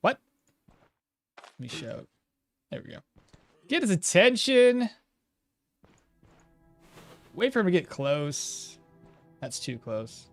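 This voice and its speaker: A game streamer giving casual live gameplay commentary, animated and laughing, often trailing off and restarting mid-sentence. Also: medium pitch, takes it slowly, pauses often, faint music behind.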